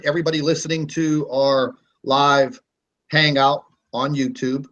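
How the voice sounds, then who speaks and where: A man's voice: a little high, fairly bright tone. A man hosting a live online hangout, talking in a defiant, combative rant with plenty of fillers. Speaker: host of a live online broadcast.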